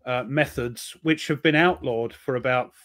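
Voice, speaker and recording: A man's voice: medium pitch, normal speed, fairly bright tone. A middle-aged British man co-hosting a casual live stream, teasing with dry jokes. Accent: British English. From Britain. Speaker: co-host.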